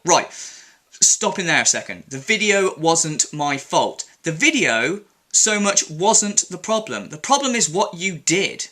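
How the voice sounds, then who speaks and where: A young man vents in an angry opinion vlog, swearing freely and dripping with sarcasm. His voice is very bright and sharp, sitting fairly high, and it leaps around with lively intonation. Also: slow pace. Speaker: commentary vlogger.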